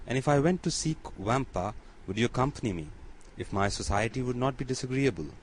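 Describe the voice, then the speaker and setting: A man's voice: mid-range voice, lively intonation, fairly quick, a little hiss or hum, close to an everyday voice. A man reading a cool, commanding Count. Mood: composed.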